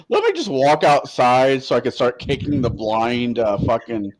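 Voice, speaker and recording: Man, tabletop player, animated pitch, joking, profane, casual chat. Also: a little hiss or hum.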